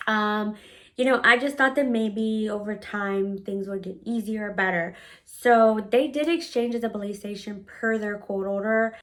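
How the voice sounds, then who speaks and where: A woman's voice: medium pitch, moderate pace. A woman casually telling a story from her own life. She talks bluntly, swears freely, uses lots of filler words, and acts out her own past words as she goes. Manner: animated retelling, often acting out her own past words. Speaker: storytime vlogger.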